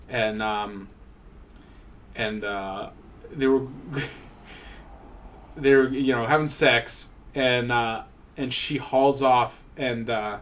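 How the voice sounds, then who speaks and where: A man co-hosting a podcast, telling crude stories in rambling casual banter, laughing often and loudly acting out the people he quotes. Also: mid-range voice, fairly even intonation, slow, long pauses, a little hiss or hum. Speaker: podcast co-host.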